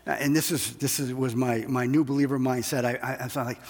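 A man preaches to his congregation in an easygoing, conversational way. His voice is husky and breathy, at a middling pitch, and he keeps restarting phrases and asking his listeners "okay?". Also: steady tone, fast, few pauses, long reverb tail. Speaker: pastor. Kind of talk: sermon.

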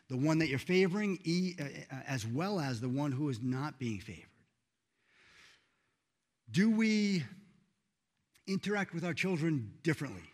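A man preaching a sermon in a church, earnest and emphatic, rising loud then dropping soft. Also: fairly high pitch. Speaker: pastor.

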